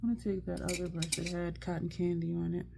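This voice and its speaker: A woman's voice: lowish voice, flat delivery, fast, vocal fry, noisy background. A woman doing a casual makeup tutorial, chatting and thinking aloud as she works. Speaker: makeup vlogger.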